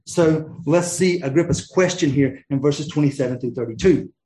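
A man's voice: a little high, normal speed, warm tone. Earnest man preaching in an echoey room. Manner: earnest, restarts often, rises into emphatic peaks. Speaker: pastor. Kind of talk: sermon.

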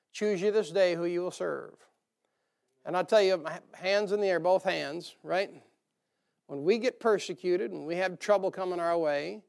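A man's voice: high-pitched, vocal fry. A man preaching a sermon to a church, folksy and joking, rising to emphatic bursts. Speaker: pastor. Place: church sanctuary.

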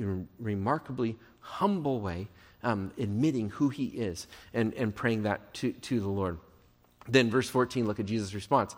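A male pastor preaching a sermon in an earnest way, moving between emphatic and hushed delivery. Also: mid-range voice, lively intonation, moderate pace. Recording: long hall reverb.

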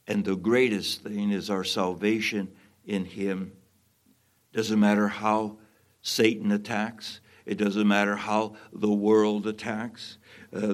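A man preaching a sermon, emphatic and given to repeating phrases for stress. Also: lowish voice.

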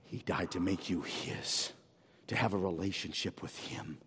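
A male pastor preaching a sermon to his congregation, dramatic and full of rhetorical questions, swinging from near-shouting to hushed. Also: deep voice, fairly even intonation, unhurried, slightly rough. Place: church. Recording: long reverb of a church hall.

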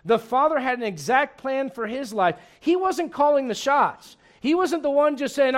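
A pastor preaches a lively, humorous sermon, full of rhetorical questions to his congregation. His voice is very high, and he speaks at a normal speed.

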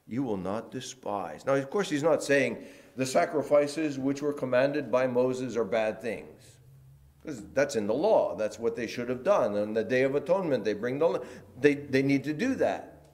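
Preacher swinging from loud to hushed. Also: male voice, mid-range voice, animated, normal speed. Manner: swings from loud emphatic lines to hushed near-whispers. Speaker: pastor. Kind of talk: sermon. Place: church.

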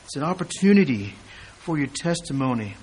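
A man preaching an expository sermon, reading scripture aloud and building to loud, emphatic peaks when he quotes it. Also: a little high, sing-song, a little fast, husky.

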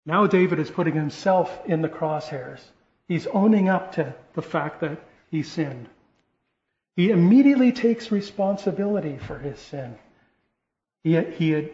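A man's voice: on the high side, darkish tone. A man preaching a sermon, earnest, often restarting phrases and rising to stress key points. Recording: echoey room, dull lo-fi sound.

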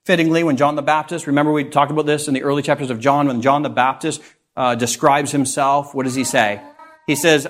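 A man's voice: on the high side, brisk. A man teaching a Bible lesson, reading scripture aloud and asking his listeners rhetorical questions.

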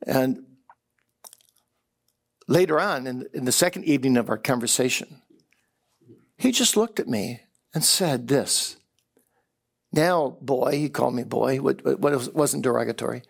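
A man's voice: medium pitch, normal speed, vocal fry, long pauses, breathy edge. A man preaching a chapel sermon, telling stories earnestly and sometimes repeating words as he builds. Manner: earnest storytelling, repeats words when excited. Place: chapel service.

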